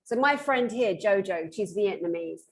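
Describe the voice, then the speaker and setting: A woman's voice: medium pitch, animated, moderate pace. A woman hosting a casual interview over a video call, effusive and enthusiastic. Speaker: host.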